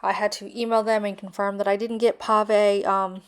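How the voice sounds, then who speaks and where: Woman vlogger, young adult, chatty, effusive, mid-pitched voice. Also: level tone, normal speed, clean tone. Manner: gushing, effusive, chatty with many fillers. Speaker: vlogger reviewing a purchase. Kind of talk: casual voice-over narration.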